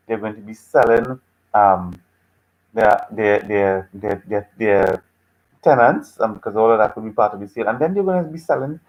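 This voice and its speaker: A male lecturer runs a live online class, reacting to what students type in. He is patient and teasing, and he repeats his phrases over and over. His voice sits at an ordinary middle pitch. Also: poor audio.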